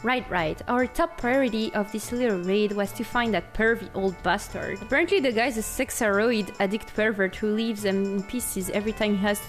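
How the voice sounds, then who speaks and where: A woman streaming a game, reading its text aloud and breaking into giggly, excited outbursts. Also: mid-range voice, moderate pace, few pauses, over music. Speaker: VTuber streamer.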